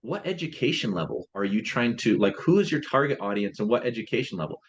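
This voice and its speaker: A man's voice: on the low side, very animated, fast, breathy edge, highs cut off. A man in a casual business chat, explaining his translation company's process step by step and often restarting his phrases.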